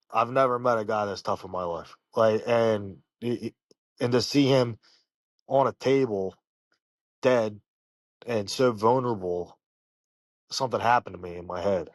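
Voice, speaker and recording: A man, a professional fighter, telling personal stories in an interview, halting and full of fillers and restarts. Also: mid-range voice, steady tone, dry recording. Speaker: professional fighter, podcast guest. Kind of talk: casual interview storytelling.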